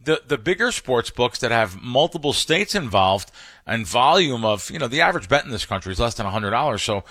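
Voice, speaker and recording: A man's voice: mid-range voice, big pitch swings, a little fast, a bit bright, no room sound, clean studio sound. A man, a professional sports bettor, talking casually on a podcast, often restarting and stumbling over his words as he explains things with emphatic anecdotes.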